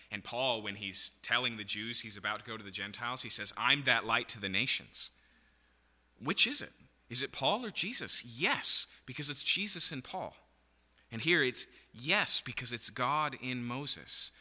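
Bright-voiced preacher man in a reverberant hall. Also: medium pitch. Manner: animated Bible teaching, frequent "okay?" and "right?". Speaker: pastor. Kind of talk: sermon.

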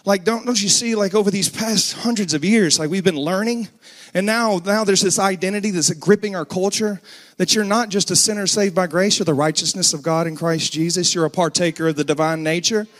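A man's voice: high-pitched, brisk. A man in his thirties preaching a sermon, telling a family story earnestly and rising into emphatic bursts.

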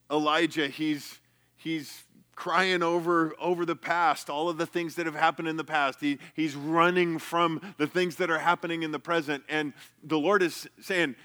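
A man's voice: a little high, steady tone, unhurried, bright, forceful tone. A man preaching a sermon in a conversational way, reading scripture and repeating himself as he explains. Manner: conversational preaching with repetitions and asides. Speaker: pastor.

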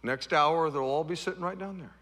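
Middle-aged guy pastor, sermon, fairly high voice, big echoey church hall, gets loud then goes real soft. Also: a little fast. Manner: builds to loud, high-pitched repeated refrains, then drops to soft, low tones.

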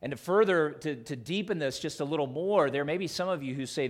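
A male pastor preaching a sermon to his congregation, earnest, with loud emphatic peaks and soft quiet drops. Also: a little high, brisk, few pauses.

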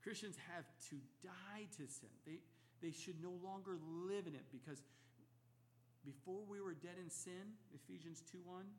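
A man's voice: high-pitched, normal speed, slight background noise. A man preaching an expository sermon, emphatic and repeating key phrases for effect. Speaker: pastor.

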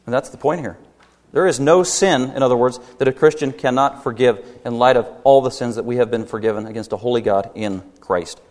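A man preaching a sermon as pastor, emphatic, rising to loud peaks and dropping low, with rhetorical questions to the congregation. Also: brisk. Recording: long hall reverb.

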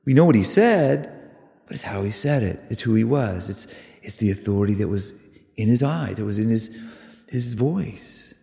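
A man preaching a sermon, earnest and emphatic, with sudden loud rises on key words. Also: fairly low pitch, lively intonation, moderate pace, gravelly. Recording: long reverb of a hall.

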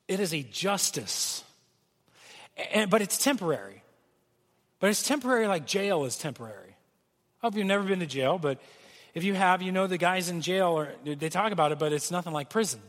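Male pastor, earnest sermon delivery, high voice, recorded in a reverberant church hall. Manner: earnest preaching, acts out pleading quotes.

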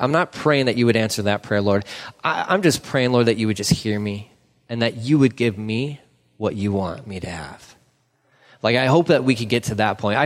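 A man preaching a sermon as pastor, earnest, repeating phrases for emphasis and stumbling over restarts. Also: medium pitch. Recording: long hall reverb.

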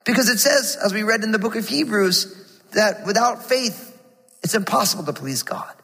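A man's voice: high-pitched, expressive, normal speed, creaky, bright, forceful tone, husky, big-room sound. A man in his forties preaching a sermon earnestly, repeating key phrases as he builds intensity. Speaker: pastor.

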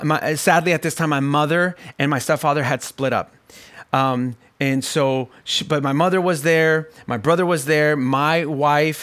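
A male pastor in his forties preaching a sermon, telling a personal story and moving between quiet, reflective passages and emphatic, rising exclamations. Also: on the high side.

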